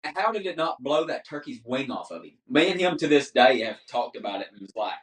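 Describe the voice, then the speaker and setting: A male podcast guest with a medium-pitched voice talks a little fast, animatedly relating a story in casual chat and acting out the conversation. The recording is roomy, with the mic set well back.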